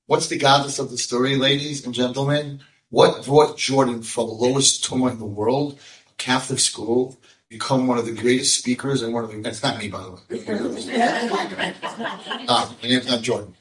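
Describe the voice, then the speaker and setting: A man speaking as a rabbi to a room full of listeners, his voice carrying from some distance from the microphone. The room adds a roomy echo around his words. He talks as an animated storyteller, dropping low and then surging into loud, pointed emphasis. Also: moderate pace. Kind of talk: storytelling talk to a live audience. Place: room with an audience.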